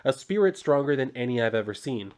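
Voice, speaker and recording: A man's voice: mid-range voice, sing-song, quick pace, darkish tone, close to an everyday voice. A man doing a formal cyborg soldier. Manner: formal, matter-of-fact.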